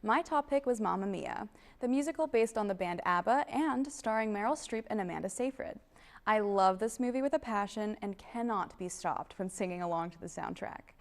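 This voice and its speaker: A young woman hosting a student video show, bubbly and quick to laugh. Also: medium pitch, lively intonation. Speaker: host. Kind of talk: scripted campus video hosting.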